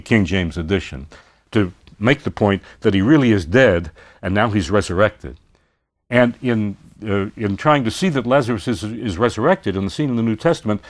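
A man giving a university literature lecture, speaking expressively and posing rhetorical questions. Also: on the low side.

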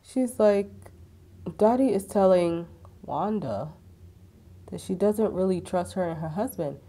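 A woman's voice: on the low side, a little slow. A young adult woman giving a casual, sassy recap of a TV episode, acting out the lines she quotes. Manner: animated, sassy asides and acted-out quotes. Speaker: TV recap vlogger. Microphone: ring-lit camera setup at home.

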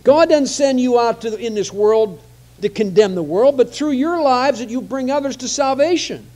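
A man's voice: very high-pitched, normal speed, dark tone. A man preaching a conversational sermon, often repeating phrases for emphasis.

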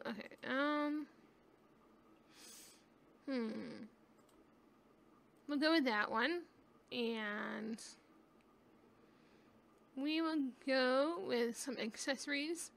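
High, bright-voiced woman chatting over gameplay. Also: creaky. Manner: chatty and rambling, thinks aloud. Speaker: gaming YouTuber. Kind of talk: casual gameplay commentary. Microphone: webcam.

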